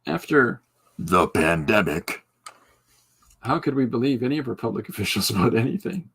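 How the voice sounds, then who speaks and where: A man's voice: mid-range voice, sing-song, normal speed, a bit bright, husky. A man hosting a podcast livestream, chatting casually and joking with viewers while he draws. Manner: rambling, joking, reacting to chat. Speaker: podcast host.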